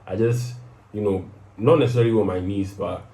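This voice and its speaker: Young man, casual motivational talk, keeps asking "right?", somewhat low voice, roomy echo. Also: fairly even intonation, fairly quick, dark tone. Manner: conversational, peppers sentences with "right?". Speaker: host of a personal advice show.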